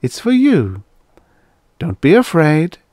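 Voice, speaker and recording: A man's voice: a little high, huge pitch swings, takes it slowly, a little mellow, dry recording, studio quality, voice pushed up, heavily acted. A man voicing a cheerful male robot street vendor with chirpy, mechanically polite sales patter. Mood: chirpy salesman.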